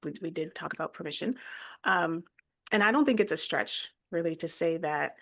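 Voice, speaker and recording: A woman co-hosting a podcast, speaking in a measured, reflective way with frequent ums. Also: low voice, expressive, a bit bright. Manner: measured, thoughtful, fillers like um. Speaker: podcast co-host. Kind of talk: reflective conversation.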